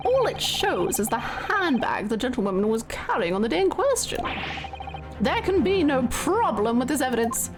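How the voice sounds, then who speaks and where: A woman reading out a disdainful aristocratic prosecutor from a game, slow and sneering, dropped a little from her high natural voice. Game music plays clearly underneath, and every word drips contempt. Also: sing-song. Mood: haughty. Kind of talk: reading game dialogue aloud.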